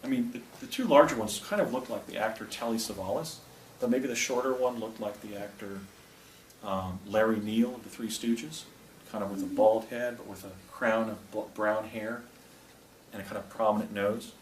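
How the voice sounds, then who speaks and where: A middle-aged man from New Jersey talks through a slide presentation, wandering into asides and restarting his sentences. His voice sits on the low side and is picked up from across a reverberant room. A faint hiss runs underneath. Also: steady tone, moderate pace. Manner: rambling storyteller with restarts and asides. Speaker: speaker giving a presentation. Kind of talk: anecdotal public talk. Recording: echoey room, distant mic, faint noise.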